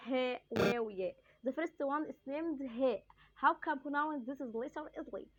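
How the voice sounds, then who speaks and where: Woman teaching letters slowly. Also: high voice, fairly bright tone, muffled recording. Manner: slow, repetitive drilling of sounds. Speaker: Arabic teacher. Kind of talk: beginner language lesson.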